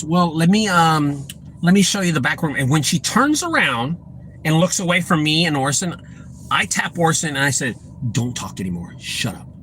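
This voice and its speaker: A man's voice: fairly high pitch, sharp tone, a little hiss or hum, poor audio. A man telling a story about his junk removal business, blunt and emphatic, repeating his key points and acting out what people said. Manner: acts out quoted dialogue in his telling. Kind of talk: storytelling vlog.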